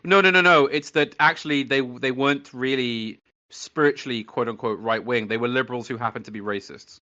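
A young Englishman holds forth on a livestream, emphatic and quick to swear. His voice is bright and forceful but comes through a dull, lo-fi microphone. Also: mid-range voice. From England. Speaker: stream co-host. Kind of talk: casual chat on a livestream. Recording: dull lo-fi mic.

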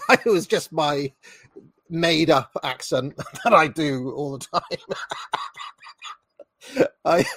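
A man's voice: on the high side, no echo. A man hosting a live political stream, reading out posts and mocking them sardonically.

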